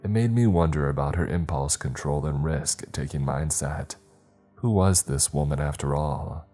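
Male horror narrator, extremely low voice, steady measured read, faint music underneath.

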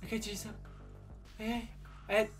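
A young man hosting a reaction video, gushing and swearing freely as he reacts with excitement. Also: sits high, measured pace, faint music behind.

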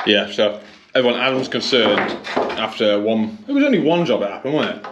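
A man's voice: medium pitch, expressive, fairly quick. A man, an electrician, chatting casually to viewers and thinking aloud as he works in a garage being converted to a kitchen. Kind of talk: casual explaining while working. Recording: echoey room with faint noise.

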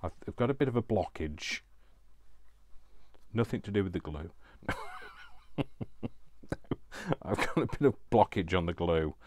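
A man's voice: low voice, lively intonation, unhurried, long pauses, darkish tone, slight background noise. A man vlogging as he decorates a book cover, chatting in a rambling, self-deprecating way. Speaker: craft vlogger. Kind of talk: casual chat while crafting.

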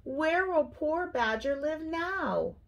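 A woman's voice: medium pitch, big pitch swings, normal speed, highs cut off, natural voice. A woman doing a small fretful storybook hedgehog. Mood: worried. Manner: anxious, gasping. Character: small worried male hedgehog.

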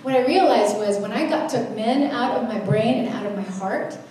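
Brief: young woman conference speaker, humorous testimony, warm higher voice, big echoey hall, distant mic. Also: normal speed, a little hiss or hum. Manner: humorous, animated storytelling, acting out her own quotes. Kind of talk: sermon-style testimony.

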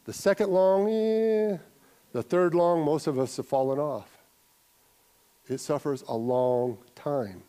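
A man's voice: high voice, measured pace, warm tone. A male pastor giving a conversational sermon, telling an anecdote, often restarting and repeating words. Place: church sanctuary.

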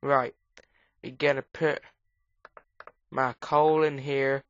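A woman with a cold gives rambling casual commentary while playing a game, breaking into sudden high squeals. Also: little pitch movement, slow. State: has a cold. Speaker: gamer. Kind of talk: casual let's play commentary. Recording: dull lo-fi recording.

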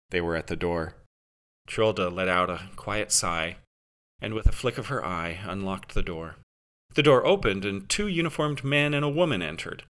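A man's voice: sits low, sharp tone. A man narrating his own satirical science fiction audiobook with a dry delivery. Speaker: author and narrator.

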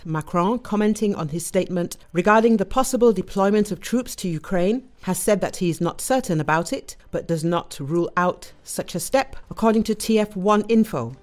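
A woman narrating a scripted news report in an even, measured read. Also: medium pitch.

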